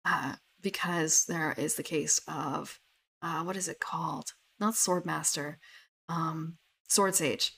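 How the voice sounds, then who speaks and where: A woman's voice: low-pitched, steady tone, slow, vocal fry, sharp tone, slight background noise. A young woman chatting casually about her tabletop characters, rambling with many fillers and restarts. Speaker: tabletop gamer. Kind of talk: casual chat.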